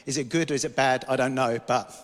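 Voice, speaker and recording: British preacher telling a vision story. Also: male voice, medium pitch, fairly even intonation, fast talker, long reverb tail. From Britain. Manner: storytelling, rambling, self-interrupting, joking asides. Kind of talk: sermon with personal testimony. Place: church hall.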